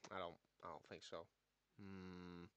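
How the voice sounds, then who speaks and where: A man streaming while he edits video, muttering low-key, deadpan asides. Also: measured pace, clear, resonant tone. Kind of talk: casual streaming chat while editing.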